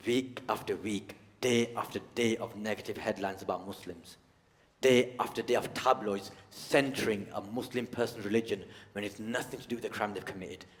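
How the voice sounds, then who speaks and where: Animated British stand-up comic. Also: male voice, on the low side, normal speed. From United Kingdom. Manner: animated, shifts to shouted outbursts for acted rants. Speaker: stand-up comedian. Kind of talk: live stand-up comedy. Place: large theatre stage with live audience. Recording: live hall with long reverb.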